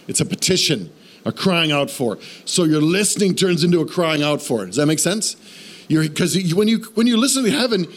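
Male pastor, higher-pitched voice, lively conversational sermon delivery with questions to the room. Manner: animated, conversational preaching with questions to the congregation. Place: church.

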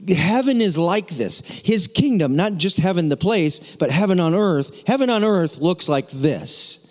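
Joking, lively preacher man in a reverberant hall. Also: fairly high pitch. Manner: casual, joking preaching with playful asides. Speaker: pastor. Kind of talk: sermon. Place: church sanctuary.

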